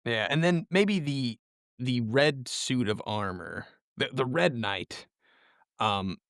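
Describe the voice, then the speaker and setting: A man co-hosting a casual podcast, pitching story ideas in easygoing, halting bursts. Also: lively intonation, fairly bright tone, no echo, clean studio sound. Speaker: podcast co-host. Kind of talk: casual story-planning chat.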